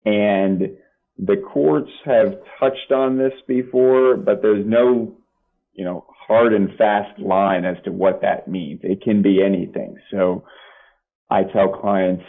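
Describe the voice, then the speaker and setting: A man's voice: lowish voice, fairly even intonation, slow pace. A man, a family law attorney and podcast guest, explaining legal points plainly with practical examples. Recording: tinny phone-like line.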